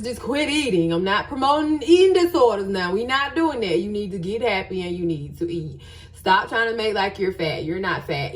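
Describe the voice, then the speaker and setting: A woman giving blunt, casual advice on a vlog. She talks emphatically and repeats her phrases for stress. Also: mid-range voice. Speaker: vlogger.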